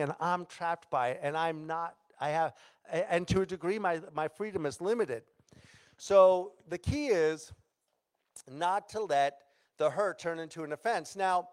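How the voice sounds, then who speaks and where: A male pastor with a high voice delivers a sermon. He tells the story dramatically and acts out each character's lines, sometimes loud and sometimes dropping almost to a hush. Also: clean tone.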